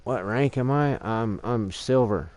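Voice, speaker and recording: A man's voice: medium pitch, a little slow, darkish tone. A man casually chatting to his viewers during a game stream, rambling and swearing freely about his sore arm. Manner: profane, rambling, talks to chat and his dogs. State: sore right arm, stretching. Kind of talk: casual gaming stream chat. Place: home, dogs barking nearby.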